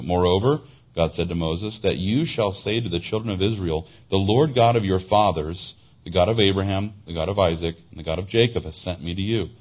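Man, preacher, sermon, low husky voice, Bible teaching, lo-fi dull audio. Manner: expository Bible teaching, explaining Hebrew words; rises in pitch and volume for emphasis. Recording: dull lo-fi sound.

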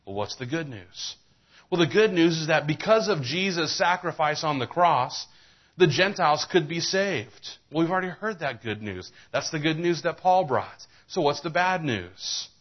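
A man's voice: on the high side, expressive, normal speed, muffled recording. A man preaching a sermon as a pastor, reading scripture and telling folksy jokes.

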